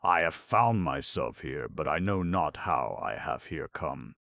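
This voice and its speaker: A burly German man-at-arms in a storybook, blunt and impatient, as a narrator puts him on with a heavy German accent. His voice sits deep and gravelly. The sound is close and dry. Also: lively intonation, measured pace, fairly bright tone, no echo, exaggerated voice.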